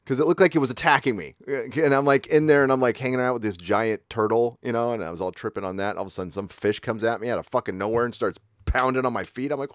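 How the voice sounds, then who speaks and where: A middle-aged man from San Diego hosts a casual livestream, his voice sitting low and sounding dry and close with little room around it. He rambles through stories in a relaxed, foul-mouthed way and keeps jumping into sudden high-pitched bursts. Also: fairly quick, no echo. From San Diego, California. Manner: laid-back, profane storytelling with sudden high-pitched outbursts. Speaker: livestream host.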